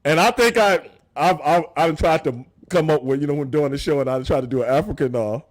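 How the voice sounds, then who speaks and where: Male host, high-pitched, animated, profane, casual banter. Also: fairly quick. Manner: animated, loud, laughing, profane. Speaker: show host. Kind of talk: casual wrestling talk.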